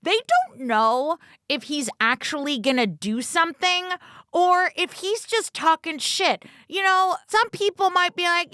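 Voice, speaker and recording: Woman, bright voice, swinging pitch, joking podcast chat. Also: measured pace, dry recording, studio quality. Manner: animated, jokey, swears freely. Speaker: podcast co-host. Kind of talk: casual comedic chat.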